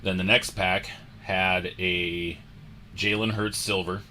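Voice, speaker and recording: Unhurried bright-voiced male show host. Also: low voice, a little hiss or hum. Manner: animated storyteller, re-enacts moments. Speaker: host of a sports card show. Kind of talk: casual storytelling on a livestream.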